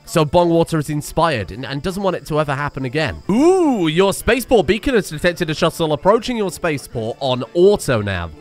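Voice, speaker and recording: Guy streaming a game, animated and sweary, bit high voiced. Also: brisk, few pauses, soft background music. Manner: excitable, sweary, yells at the game. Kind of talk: let's play commentary.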